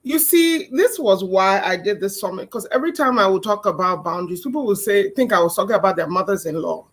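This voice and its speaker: Woman summit host, mid pitch, chatty and lively. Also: a little fast. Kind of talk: casual talk to an audience.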